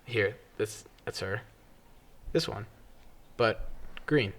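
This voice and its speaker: A man's voice: on the low side, slow, a bit bright. A young man co-hosting a casual podcast, telling stories with lots of energy, swearing freely and mimicking other people's voices. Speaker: podcast co-host. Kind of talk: casual chat.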